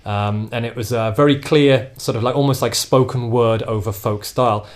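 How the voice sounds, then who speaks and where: A man hosts a relaxed podcast conversation in a medium-pitched voice. He rambles a little as he goes and pokes fun at himself. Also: normal speed. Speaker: podcast host. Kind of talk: casual podcast chat.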